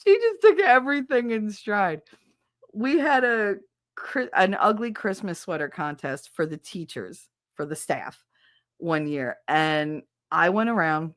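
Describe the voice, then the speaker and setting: Woman podcast host yakking away, animated, laughs a lot, dry close sound. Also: medium pitch, a little slow, no echo. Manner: animated, laughing, acts out voices. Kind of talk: casual storytelling.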